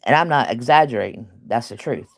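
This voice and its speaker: A woman's voice: a bass voice, lively intonation, fairly quick, vocal fry. A woman who hosts casual online commentary, talking bluntly and emphatically with laughs.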